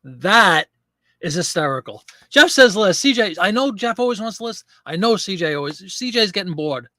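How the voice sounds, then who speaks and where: Man, live-stream host, chatty and joking, reads viewer comments, a bit high-pitched, dry sound. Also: big pitch swings, moderate pace, sharp tone, dry recording. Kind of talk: casual live-stream chat, reading viewer comments aloud.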